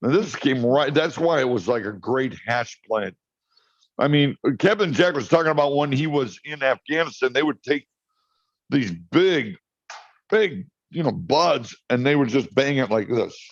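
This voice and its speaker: A man's voice: mid-range voice, expressive, normal speed, no room sound. A chatty man tells rambling stories as an interview guest, tripping over his restarts. His voice arrives dry and slightly dull over a video call. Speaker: cannabis farmer guest. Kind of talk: casual interview storytelling. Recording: muffled dry online call audio.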